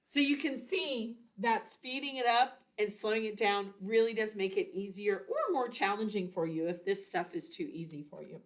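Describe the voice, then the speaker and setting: A woman's voice: mid-range voice, moderate pace, hardly any pauses, noisy background. A woman teaching a children's recorder lesson, patiently explaining and chanting rhythms aloud. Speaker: music teacher.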